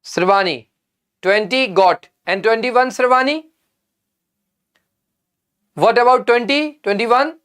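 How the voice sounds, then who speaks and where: A man's voice: very high-pitched, slow pace, pauses often, a bit bright, smooth. A young man teaching an online exam-prep English lesson, emphatic and repeating key points as he quizzes his viewers.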